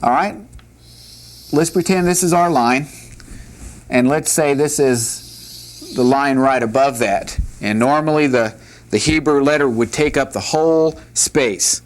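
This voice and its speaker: A man's voice: medium pitch, a little slow. A man teaching a lesson at a whiteboard, patiently repeating each letter and joking now and then. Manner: plain-spoken, with light jokes. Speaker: Hebrew teacher.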